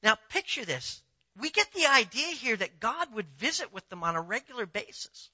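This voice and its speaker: A male pastor preaches with a very bright, lively voice that swings widely in pitch. He talks to the congregation casually and keeps firing rhetorical questions at them. The recording sounds dull and lo-fi. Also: normal speed, husky. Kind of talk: sermon.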